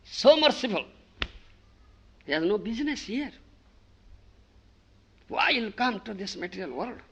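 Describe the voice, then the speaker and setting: Emphatic male preacher giving a devotional sermon, gravelly, animated delivery. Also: high voice, unhurried, a little hiss or hum. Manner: emphatic, keeps asking if listeners understand. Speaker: spiritual teacher.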